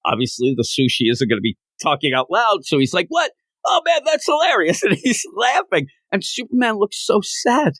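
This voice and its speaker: Animated man on a comics podcast. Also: fairly high pitch, dry recording. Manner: animated, acts out characters' lines in quick voices. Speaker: podcast co-host. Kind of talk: casual comic book chat.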